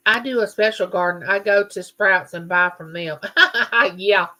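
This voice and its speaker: A woman's voice: on the low side, steady tone, moderate pace, bright, forceful tone. A middle-aged woman, hosting a livestream in a chatty, folksy way and reading viewer comments aloud. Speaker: livestream host. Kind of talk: casual live chat reading viewer comments.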